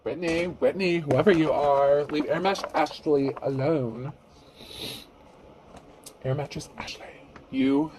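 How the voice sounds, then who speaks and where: A man's voice: fairly high pitch, takes it slowly, pauses often, background noise. A man voicing a snotty, bratty teenage girl who scolds with a sneer. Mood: scornful.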